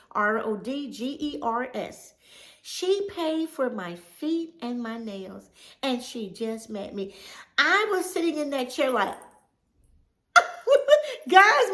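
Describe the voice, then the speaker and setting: A woman YouTuber telling a personal story to camera in a casual, animated way, laughing often and getting loud. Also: high voice.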